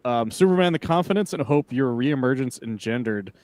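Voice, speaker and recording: Male podcast co-host, mid-pitched, dry close recording, loose and animated, swears a lot. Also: a little fast, no echo. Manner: animated, swearing, acts out quotes with laughs. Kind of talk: casual comic book discussion.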